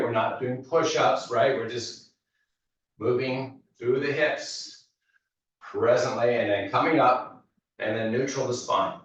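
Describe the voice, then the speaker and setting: A male fitness instructor leading a guided mobility class with steady, easygoing cues. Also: medium pitch. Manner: steady cueing, easygoing asides. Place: large echoey fitness studio. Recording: echoey, distant, dull room sound.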